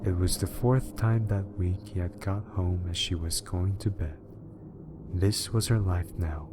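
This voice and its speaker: A man reading a horror story aloud as scripted narration, in a measured, even manner. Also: sits low, background noise.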